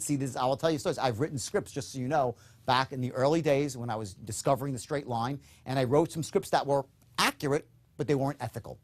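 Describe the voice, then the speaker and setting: A man lectures on sales technique in a recorded course. His delivery is emphatic and direct, with a mid-range voice. He often pauses to check in with a quick "okay?" before pushing on. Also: mid-range voice. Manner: acts out upbeat and dull tones in demonstrations. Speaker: sales trainer.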